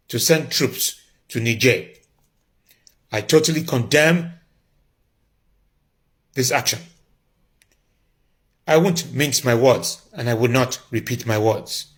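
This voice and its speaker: An actor playing a pompous, defiant male president who makes a slow, emphatic address full of repeated declarations. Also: mid-range voice, fairly bright tone. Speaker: comedic character clip.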